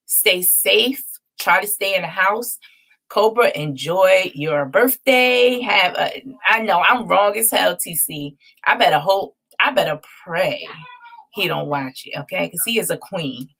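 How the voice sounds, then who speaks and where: Woman, vlog host, casual storytelling, low voice, vocal fry. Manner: chatty and animated, laughing often, dishing playful shade.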